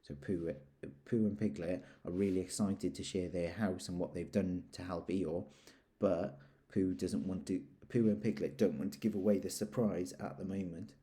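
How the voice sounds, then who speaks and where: A man reading a children's story aloud, gently pausing to ask the listener questions. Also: low-pitched, fairly even intonation.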